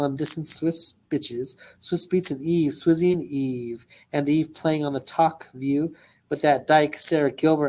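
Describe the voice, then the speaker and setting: A man's voice: on the high side, a little mellow. A man doing a cappella diss rap with mumbled spoken asides and a repeated chant. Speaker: amateur rapper.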